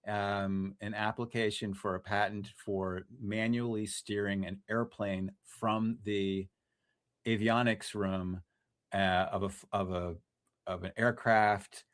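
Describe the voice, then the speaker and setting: A man's voice: fairly low pitch, steady tone, takes it slowly. A man, a freelance journalist, talking casually in an interview, often restarting his sentences and correcting himself. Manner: restless, self-correcting, many restarts and fillers. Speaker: freelance journalist, podcast guest.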